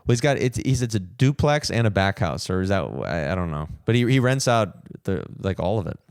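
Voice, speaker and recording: A man's voice: deep voice, very animated, brisk, creaky, darkish tone, smooth, no room sound, clean studio sound. A young man hosting a solo podcast, rambling and self-deprecating, full of fillers and restarts. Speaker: podcast host.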